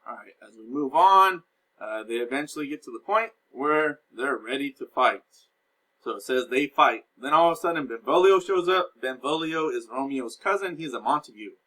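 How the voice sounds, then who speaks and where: A man's voice: mid-range voice, expressive, moderate pace, bright, forceful tone, rough recording. A man teaching a class, recapping a play in a casual, explaining way and paraphrasing its lines in everyday speech.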